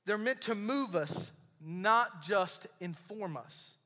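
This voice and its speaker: A young pastor delivers a sermon in a high, bright voice. He preaches conversationally and hammers points home with repetition. His voice rings out in a reverberant church hall. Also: expressive, slow pace. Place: church sanctuary.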